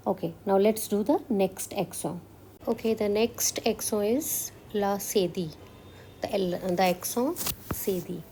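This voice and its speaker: A woman teaching French step by step and often checking with "Clear?", switching between English and Hindi. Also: mid-range voice, dark tone, slight background noise. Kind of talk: classroom-style language lesson.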